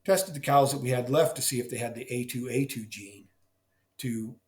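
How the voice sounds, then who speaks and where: A man's voice: mid-range voice, moderate pace. A middle-aged man, a dairy farmer telling his story in a plainspoken, folksy way as a podcast guest. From Missouri. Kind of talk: heartfelt storytelling in a podcast interview. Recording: roomy echo.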